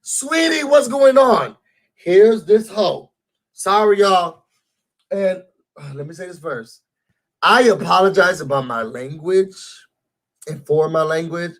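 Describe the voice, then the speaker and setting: A man recapping and ranting about a reality show episode for his channel, animated and addressing viewers directly. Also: fairly high pitch. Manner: animated, talks straight to viewers. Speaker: YouTube show reviewer. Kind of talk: casual recap rant.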